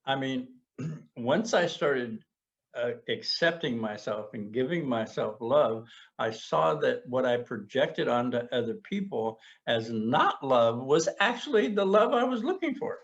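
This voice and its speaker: A middle-aged podcast co-host shares a personal experience in a casual, reflective, earnest conversation, often stumbling and repeating words as he searches for his thoughts. His mid-range voice has lively intonation and an unhurried pace. The podcast audio sounds muffled and lo-fi.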